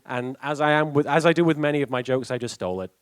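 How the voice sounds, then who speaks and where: A man's voice: medium pitch, fast, clear, resonant tone, no echo. A young British man answering fan questions at a convention panel, chatty, laughing often and restarting his sentences. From England. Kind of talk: casual panel Q&A.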